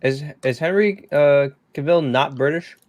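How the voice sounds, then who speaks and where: A man's voice: fairly high pitch, a little slow, darkish tone, no room sound. A man co-hosting a casual podcast, hesitant and filler-heavy, saying "like" and "um" often. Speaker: podcast co-host. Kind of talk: casual chat.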